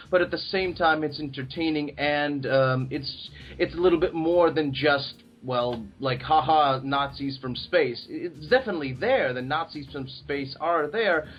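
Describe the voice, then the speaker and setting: A man's voice: a little high, highs cut off. A man from Australia co-hosting a casual podcast, rambling with many fillers and restarts. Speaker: podcast co-host. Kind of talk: casual chat.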